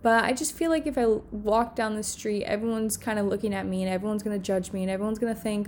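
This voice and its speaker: A woman's voice: medium pitch, fast talker, few pauses, a little mellow, a little hiss or hum. A young woman, a content creator, talking alone in her room on the verge of tears, rambling with many fillers in an emotional confessional vlog. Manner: tearful, rambling, heavy on filler words. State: on the verge of crying.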